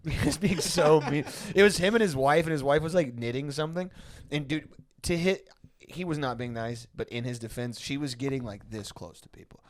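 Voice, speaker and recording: A man hosting a casual comedy podcast, telling rambling stories and laughing often. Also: mid-range voice. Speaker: podcast host.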